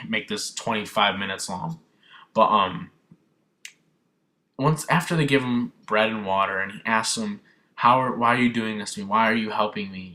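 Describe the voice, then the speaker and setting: A man's voice: lowish voice, bright, forceful tone. A young man, reviewing a film in an earnest, rambling way, with many fillers and restarts. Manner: earnest and moved. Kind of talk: casual emotional film review.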